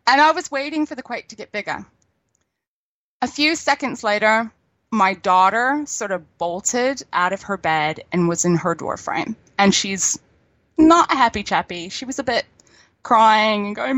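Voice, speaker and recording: A woman's voice: a little high, lively intonation, moderate pace, fairly bright tone, no echo. A middle-aged woman, chatting as a guest, telling stories and laughing easily. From New Zealand. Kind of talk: casual chat.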